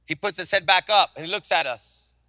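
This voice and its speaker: Man, pastor, sermon, animated storytelling, high voice, very bright and dry. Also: brisk, dry recording. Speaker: senior pastor.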